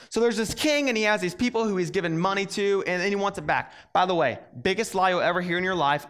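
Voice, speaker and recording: A young adult man giving a casual, animated sermon, telling the story in a lively way and acting out its characters. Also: high voice, fast talker. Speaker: preacher.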